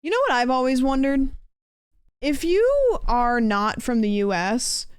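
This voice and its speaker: A young woman with a Pacific Northwest American accent, hosting a livestream and chatting casually with viewers. She rambles, says "like" constantly, and calls herself monotone. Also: high-pitched, measured pace, clear, resonant tone, dry recording, clean studio sound. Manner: chatty and rambling, heavy use of "like", self-described monotone. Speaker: livestream host.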